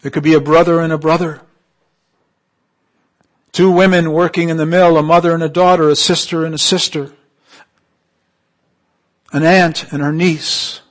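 A man preaching a sermon, calling on the congregation for amens and swinging from emphatic peaks to soft, quiet asides. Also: fairly high pitch, level tone, normal speed, pauses often. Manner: call-and-response, rising to emphatic peaks then dropping soft.

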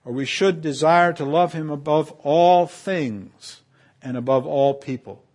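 A man preaching a sermon to a congregation in a somewhat high voice. He swells loud on key phrases, then drops to quiet asides. He leads the crowd in call and response. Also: unhurried. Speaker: pastor.

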